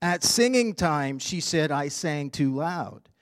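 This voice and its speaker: Grumpy young boy, put on by a man, higher and louder voice, exasperated storybook complaining, dry sound. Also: expressive, slow, dry recording. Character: grumpy young boy having a bad day.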